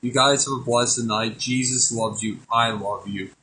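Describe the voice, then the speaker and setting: A man's voice: medium pitch, fairly even intonation, unhurried, bright, forceful tone, poor audio. A man unhurriedly reads a Bible passage for his daily verse. He then explains it in a plain, earnest, chatty way, with the faint hum of a room behind him. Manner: earnest, conversational, slips into plain chat after reading. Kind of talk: scripture reading with casual commentary.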